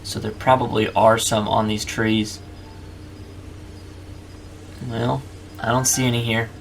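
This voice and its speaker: A man's voice: fairly low pitch, little pitch movement, slow, a little hiss or hum. A man hosting a let's play, chatting casually and narrating each move to the viewer. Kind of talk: casual gameplay commentary.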